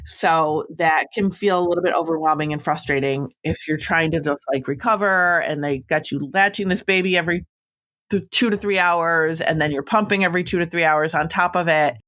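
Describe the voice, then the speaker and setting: A woman's voice: sits low, fairly quick, a bit bright. Chatty, reassuring woman podcast host. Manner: reassuring, chatty, frequent "like" fillers. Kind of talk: casual podcast chat.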